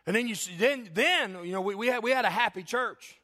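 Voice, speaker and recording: A man from Kentucky, preaching an impassioned sermon. He builds to shouted emphasis and calls out for amens. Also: high-pitched, brisk, hardly any pauses. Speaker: pastor.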